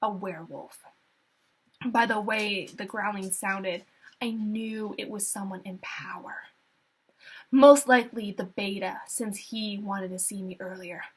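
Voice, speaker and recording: Slow, breathy woman reading dramatically. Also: mid-range voice, steady tone. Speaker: story reader. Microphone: laptop built-in mic.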